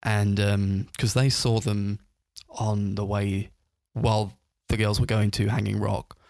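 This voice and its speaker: Male podcast co-host with a low voice and a dry, close sound. Loose, rambling, laughing film recap. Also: flat delivery, unhurried, creaky, a little mellow, dry recording. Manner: rambling, full of "like" fillers, laughs while retelling scenes. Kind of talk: casual film review chat.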